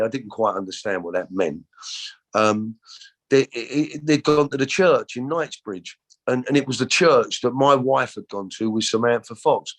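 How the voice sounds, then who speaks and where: A middle-aged man speaks in a fairly low voice. He tells his own story as an earnest personal testimony. He rambles, repeats words and restarts his sentences often. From London. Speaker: show host telling his life story.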